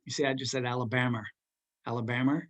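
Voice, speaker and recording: A man's voice: medium pitch, normal speed. A man teaching a class in a casual, rambling way, joking with his students and using lots of fillers.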